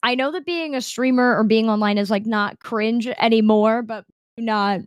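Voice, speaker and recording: A young woman chats casually as an interview guest over a video call, laughing often and playing out the other people in her anecdotes. Her voice sits a bit high and the sound is dry and close. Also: moderate pace, clean tone, no room sound. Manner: chatty, laughing, acts out quoted people. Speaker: guest streamer.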